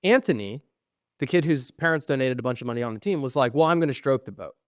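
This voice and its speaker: A man's voice: mid-range voice, fast, no echo. Young man telling a story, dry sound. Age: young adult. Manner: animated storyteller, acts out quoted exchanges, frequent ums; swears when frustrated. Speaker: podcast co-host. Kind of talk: casual storytelling chat.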